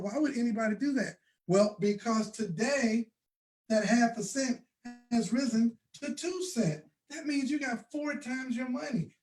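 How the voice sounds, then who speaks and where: A man giving a motivational sales talk to an audience, emphatic and preacher-like, with bursts of shouting and slow, stressed phrases. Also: very high-pitched. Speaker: presenter.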